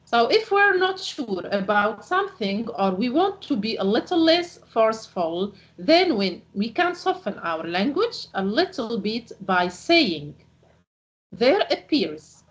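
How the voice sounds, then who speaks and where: A woman gives a recorded English lesson at an unhurried pace. Her voice sits fairly high and rises and falls widely. She reads example phrases with clear emphasis. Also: very animated, muffled recording. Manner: slow, careful delivery with example phrases read out. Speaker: English teacher.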